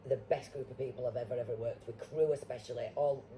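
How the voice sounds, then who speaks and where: A middle-aged Yorkshire woman chatting as a guest, blunt and salty-tongued. Her voice is very dark and mellow, and a faint hiss sits under the recording. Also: rumbling low, fairly even intonation, fast, low-quality recording. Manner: blunt, swearing, storytelling. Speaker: guest actor. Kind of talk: casual chat.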